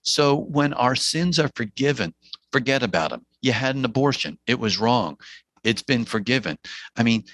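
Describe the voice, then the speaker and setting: A man's voice: mid-range voice, lively intonation, moderate pace, a bit bright, no echo. Emphatic New man, dry close mic. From New Jersey. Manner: earnest, emphatic, repeats phrases for emphasis. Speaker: physician guest. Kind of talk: podcast interview, preaching-like testimony.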